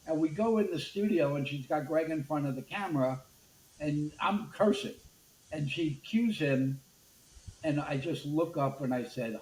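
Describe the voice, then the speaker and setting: A man's voice: a little high, normal speed. Older New man telling stories. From Brooklyn, USA. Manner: animated storyteller acting out dialogue. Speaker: guest, media executive. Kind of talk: anecdotal storytelling interview. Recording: roomy echo with faint background noise.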